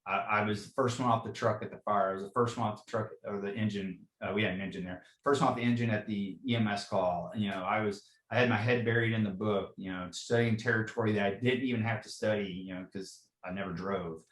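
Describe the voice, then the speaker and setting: A man's voice: on the low side, steady tone, quick pace, few pauses, a bit bright, reverberant, poor audio. A man in his forties, a fire captain, earnestly telling personal stories in a podcast interview and often saying "you know". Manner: earnest, frequent "you know", repeats himself.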